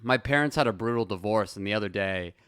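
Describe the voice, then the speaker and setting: A man's voice: fairly low pitch, fairly bright tone, smooth. A young man co-hosting a comedy podcast, joking in casual banter and mocking himself. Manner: joking, tells deliberately bad jokes, self-mocking.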